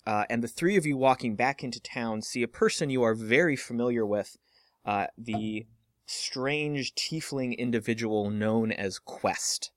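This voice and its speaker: A man's voice: mid-range voice, a little slow, no room sound, clean studio sound. A man narrating a tabletop role-playing session as game master, with plenty of ums and uhs. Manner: relaxed, filler-heavy narration.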